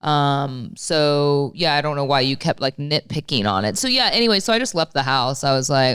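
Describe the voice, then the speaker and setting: A woman's voice: low-pitched, lively intonation, moderate pace, hardly any pauses, fairly bright tone, smooth, no echo, clean studio sound. A woman co-hosting a podcast, telling stories in a candid, exasperated way and swearing often. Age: late 30s. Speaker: podcast co-host. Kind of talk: casual podcast chat.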